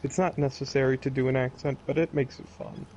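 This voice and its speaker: A man's voice: medium pitch, fairly even intonation, fairly quick, darkish tone, muffled recording, a little hiss or hum. A young man, likely the game master, chatting casually and jokingly with fellow tabletop players, full of fillers.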